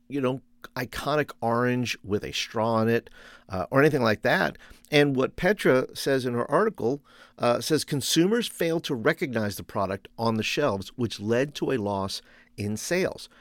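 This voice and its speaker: This youth ministry podcast host has a medium-pitched voice, recorded with no echo. He talks conversationally in a monologue, often restarting and using fillers, and chuckles at the stories he tells.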